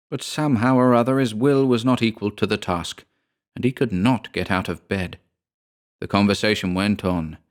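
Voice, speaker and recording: Male audiobook narrator, very low voice, measured ghost-story delivery.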